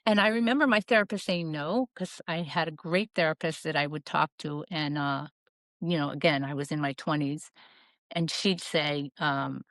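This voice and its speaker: A woman's voice: low voice, moderate pace, a bit bright, no echo. A middle-aged woman shares her life story as a podcast guest, earnest and reflective. She acts out the voices of people she quotes. The recording is dry and close, with almost no room sound. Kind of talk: candid personal storytelling.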